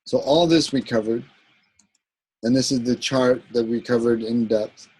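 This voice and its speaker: A man teaching an Arabic grammar lesson in a recorded class, explaining patiently with many pauses, ums and restarts. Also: medium pitch, fairly even intonation, darkish tone, breathy edge, low-quality recording. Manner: halting, searching for words, many ums and restarts; explains a grammar point patiently, checking with "right?".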